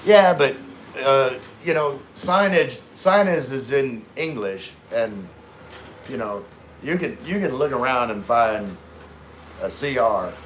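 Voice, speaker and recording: A man's voice: mid-range voice, lively intonation, slow, slight background noise. A man hosting a casual livestream, reading viewer comments aloud and chatting in a rambling way, often losing his train of thought.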